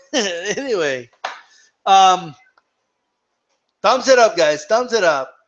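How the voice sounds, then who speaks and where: A man's voice: high-pitched, animated, takes it slowly, fairly bright tone. A young man chatting casually on a live boxing stream, laughing a lot, swearing freely, and slipping into Spanish when he quotes fighters. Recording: dull lo-fi stream audio.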